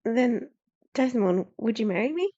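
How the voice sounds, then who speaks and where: A woman voicing a humble young male farmer in an audiobook, speaking softly and sincerely. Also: fairly high pitch, expressive, measured pace, no echo, highs cut off. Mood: tender.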